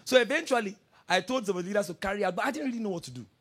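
A male pastor preaching a sermon, telling stories with energy and swinging between soft asides and loud declarations. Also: high voice, lively intonation, rapid-fire, slightly rough.

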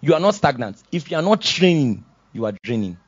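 A Nigerian man preaches with a high voice, dropping into quiet, chuckling asides before building to loud, shouted exhortations. The sermon sounds dull and lo-fi, like a modest church recording. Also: big pitch swings, brisk, husky. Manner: swings from soft asides to loud shouted exhortations, laughs often. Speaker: pastor.

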